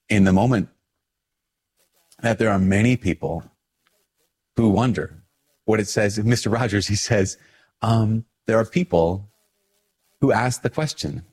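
A man with a slightly low voice talks casually to camera as a priest. He is animated and self-deprecating, often stopping to search for the right word. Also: measured pace, long pauses. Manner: animated, self-deprecating, acting out his own reactions. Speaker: priest, video host.

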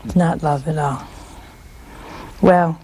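A woman's voice: low voice, fairly even intonation, slow pace, warm tone, a little hiss or hum. A woman preaching a conversational homily, asking her listeners rhetorical questions and acting out the voices in her stories. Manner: acts out quoted voices in a story. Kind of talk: homily on love with anecdotes.

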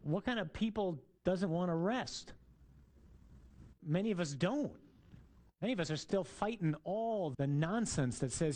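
A man's voice: sits high, expressive, measured pace, long pauses, darkish tone. A man, a priest, giving a conversational sermon with jokes and asides to the congregation.

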